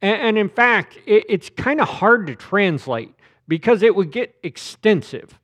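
A man's voice: sits high, expressive, measured pace, a bit bright. A man preaching a sermon as pastor, speaking emphatically and often repeating words as he presses a point.

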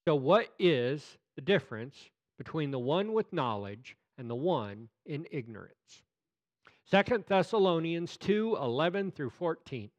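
A man preaching a sermon, reading scripture slowly and deliberately, with playful asides. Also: on the high side, big pitch swings, no echo, dull audio.

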